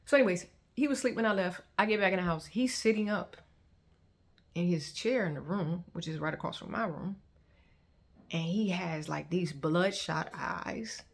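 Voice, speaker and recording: A testimony vlogger in her 30s shares her personal testimony at a normal speed, her low voice gravelly and edged with fry. She keeps a conversational tone but becomes animated whenever she quotes other people.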